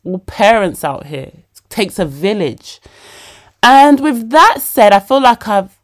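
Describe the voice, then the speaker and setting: A woman's voice: mid-range voice, very animated, slow pace. A young woman hosting her own podcast, chatting casually and openly, laughing often and calling her listeners babe. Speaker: podcast host. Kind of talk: casual solo podcast chat.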